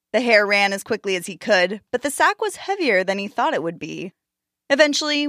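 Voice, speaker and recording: A woman host narrating a storybook tale with expressive, measured delivery. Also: on the high side, dry recording, studio quality.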